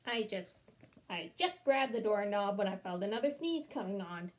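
A woman reading a storybook aloud as a smooth-talking male wolf, chatty and wry in tone. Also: mid-range voice, expressive, moderate pace, close to an everyday voice. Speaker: storybook reader. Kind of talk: children's read-aloud.

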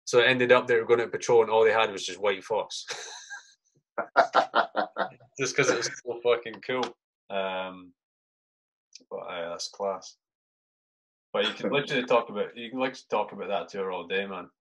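A lowish, fairly bright voice moves at a moderate pace, broken by long pauses. This army sergeant in his thirties guests on a podcast with casual war stories, swearing heavily, saying "mate" in every sentence, and acting out his own past reactions.

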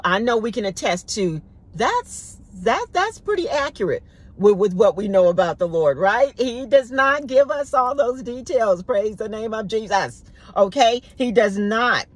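A woman giving an informal devotional sermon, talking conversationally and repeating words for emphasis. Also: medium pitch. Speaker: preacher.

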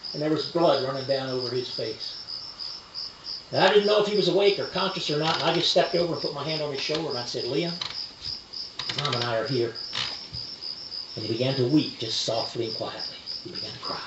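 A man from Kentucky preaching a revival sermon in a tent meeting, telling a story and swinging between hushed passages and shouted emphasis. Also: on the high side, noisy background. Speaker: evangelist. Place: tent meeting at rodeo grounds. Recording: distant roomy lo-fi recording with crickets.

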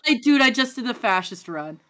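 A woman co-hosting a podcast in a casual chat, excitable and joking. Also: on the high side, a little fast. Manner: excitable, jokey. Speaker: podcast co-host.

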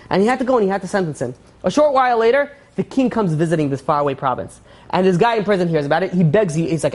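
A man's voice: sits high, animated, racing, darkish tone. A male rabbi giving an informal Torah class, telling parables in a rambling way full of "you know" and acting out the characters' lines. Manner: rambling storyteller, many fillers, acts out quotes.

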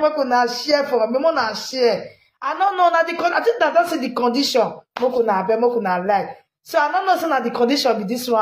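A woman with a Nigerian Pidgin accent giving animated, scolding commentary, laughing often and repeatedly urging viewers to like and share. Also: high voice, echoey room. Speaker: commentary vlogger. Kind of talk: live social media commentary.

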